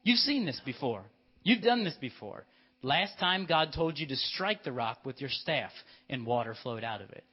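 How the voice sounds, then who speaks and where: A male pastor preaching a sermon, telling the story in a lively way and directing children in a skit. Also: medium pitch, moderate pace, slightly rough. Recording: dull lo-fi church recording.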